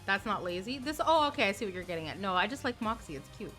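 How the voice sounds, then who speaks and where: A woman's voice: medium pitch, animated, quick pace, fairly bright tone, soft background music. Female live-streamer, casual and chatty, stumbles into restarts, mid-range voice. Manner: playful, chatty, often repeats words as she restarts. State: tired.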